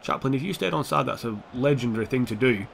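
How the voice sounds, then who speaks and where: A man's voice: medium pitch, animated, fast talker, gravelly, a little hiss or hum. A young man giving casual, sweary, sarcastic commentary over a football video game, talking back at the players on screen. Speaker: gaming YouTuber.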